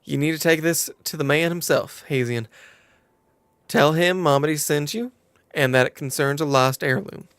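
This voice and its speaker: A man's voice: on the high side, racing, mellow, clean tone, no room sound, close to an everyday voice. Man doing a confiding southern-drawl innkeeper lady, game dialogue read aloud, dry close sound.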